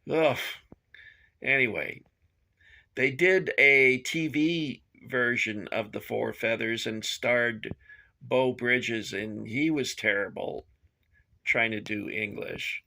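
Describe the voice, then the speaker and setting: A man's voice: mid-range voice, slow, vocal fry, sharp tone. An older American man reviewing toys in a casual, rambling way, with frequent fillers and tangents. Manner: digressive, chatty, frequent filler words. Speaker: toy collector reviewer.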